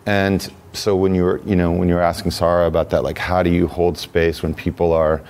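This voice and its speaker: Low-voiced man telling stories reflectively. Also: little pitch movement, a little fast, a little mellow, clean tone. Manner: reflective, with frequent "you know" and restarts. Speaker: podcast guest, musician. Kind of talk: casual conversational storytelling.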